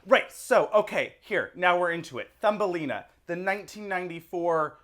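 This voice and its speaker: A man co-hosting a casual movie review podcast, enthusiastic and quick to laugh. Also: high voice, expressive, fairly bright tone. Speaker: podcast co-host.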